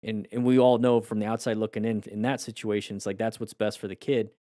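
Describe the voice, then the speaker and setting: A man who coaches motorcycle riding, his voice going hoarse, talks in a reflective, rambling way with viewers on a live stream, often restarting his sentences. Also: on the low side, little pitch movement, fast, mellow, no echo, studio quality.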